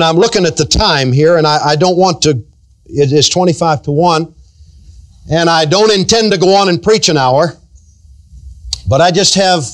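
A man preaching, his voice sitting high and swooping up and down with feeling. He draws out key phrases slowly and mimics everyday sayings to make his point. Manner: drawn-out emphatic preaching, acting out everyday quotes. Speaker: pastor. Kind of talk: sermon.

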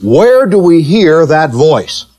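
Male preacher, sermon; slow, deliberate, emphatic, quizzes the congregation. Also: fairly high pitch. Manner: animated, teasing, asks the congregation questions; slow, emphatic delivery with big rises and drops.

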